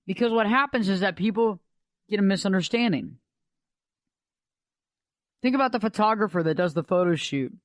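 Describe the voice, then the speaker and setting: A woman's voice: medium pitch, expressive, normal speed, pauses often, no room sound. A woman host and life coach giving a conversational storytelling monologue on a radio show, driving her points home with repeated "think about it.".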